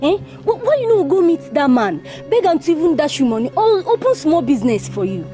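Protesting Nigerian village girl, high and lively, music under. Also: brisk. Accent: Nigerian Pidgin. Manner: protesting, pleading. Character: young village daughter, defiant. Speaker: daughter resisting her father.

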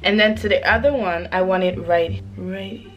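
A woman's voice: medium pitch, steady tone, moderate pace, muffled recording, faint music behind. A young woman vlogging at home, chatty and nervous, giggling and swearing freely as she talks to her viewers. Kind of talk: casual vlog chat to camera. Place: room at home.

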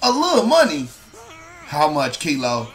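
A shouting, hot-tempered cartoon loudmouth, as a man puts him on who scolds in a high, lively voice full of swings. Music plays clearly behind him. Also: unhurried. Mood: scolding. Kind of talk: comedic cartoon voice acting. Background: background music.

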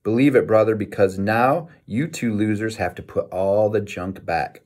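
A man's voice: lowish voice, moderate pace, darkish tone, natural voice. A man voicing a brash, gloating young boy who is the youngest of his brothers, in a storybook reading.

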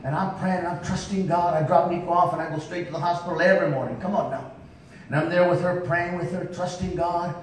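Man, preacher, emphatic storytelling sermon, very echoey sanctuary, faint rumble behind. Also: fairly even intonation, fast talker. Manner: emphatic, calls out "come on now" to the congregation. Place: church sanctuary. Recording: echoey church hall from far off, faint rumble.

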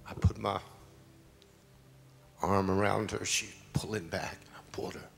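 A middle-aged man, preaching a sermon as pastor with slow, dramatic storytelling and sudden loud peaks. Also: fairly low pitch, fairly even intonation, vocal fry. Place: large church sanctuary. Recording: long hall reverb.

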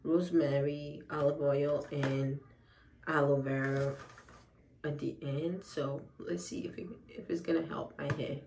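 A woman's voice: low voice, level tone, a little slow, gravelly, darkish tone. A woman hair vlogger testing a product in casual talk, fretting aloud and upset with herself. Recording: roomy echo with faint background hiss.

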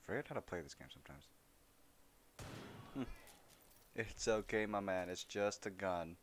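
A man's voice: low-pitched, expressive, a little slow, a little hiss or hum. A young man streaming a shooter game, rambling and joking as he talks to the characters he meets. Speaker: gaming streamer. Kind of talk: casual let's-play commentary.

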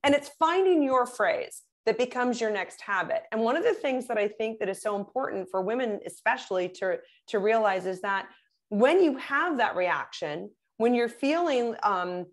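A woman with a somewhat high voice talks on a podcast as a guest coach. She is animated and quick, stumbles into restarts, and jumps into little acted-out phrases before returning to her explanation. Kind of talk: casual interview talk.

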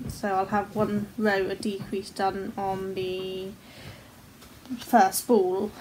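A woman's voice: medium pitch, a little mellow, a little hiss or hum. A woman in her forties, chatting casually to camera at home about her crochet, laughing often and swearing freely. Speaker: crochet vlogger. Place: at home, indoors.

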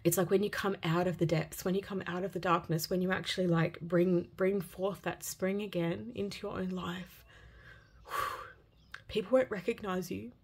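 Woman tarot reader with a gravelly edge, heartfelt and gentle delivery for a reading to viewers. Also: on the low side, steady tone, normal speed. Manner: earnest, gentle and heartfelt, with many repeated phrases.

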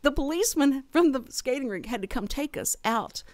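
Older woman in her sixties, radio co-host, animated storyteller, lively pitch, dry close sound. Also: a little fast, no room sound. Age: 60s. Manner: animated, nostalgic storyteller with many fillers. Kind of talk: casual radio chat, storytelling.

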